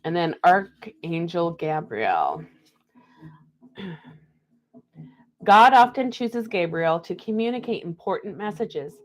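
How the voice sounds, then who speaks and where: A woman's voice: lowish voice, big pitch swings, slow pace, pauses often. A woman hosting a live stream card reading, chatting and laughing between the messages she reads aloud. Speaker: card reader.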